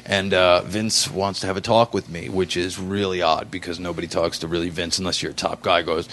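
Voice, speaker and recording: Guest, man, 40s, low voice, loose rambling anecdote, lots of fillers. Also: little pitch movement, brisk, few pauses, fairly bright tone, a little hiss or hum. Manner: rambling, many fillers and restarts. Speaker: podcast guest. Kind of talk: casual storytelling.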